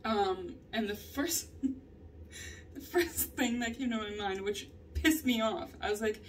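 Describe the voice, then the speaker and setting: A woman's voice: mid-range voice, measured pace, distant mic, a little hiss or hum. Candid rambling woman vlogger. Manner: candid, rambling, laughs often. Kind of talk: personal journal vlog.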